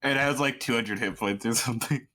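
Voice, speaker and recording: Bright-voiced joking tabletop player. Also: male voice, mid-range voice, a little fast, a little hiss or hum. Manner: joking, laughs often. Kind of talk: casual tabletop game chat.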